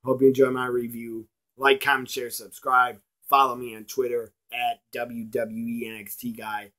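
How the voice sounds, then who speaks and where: A man ranting in a blunt, profane video review, slowing down to stress his points. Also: medium pitch, little pitch movement, bright, forceful tone. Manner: emphatic, slows down to stress points.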